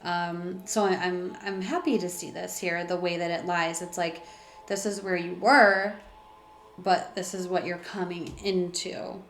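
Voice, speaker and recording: A woman's voice: lowish voice, steady tone, measured pace, roomy sound, slight background noise. A woman giving a casual tarot reading, talking in a rambling way with many fillers and restarts. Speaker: tarot reader.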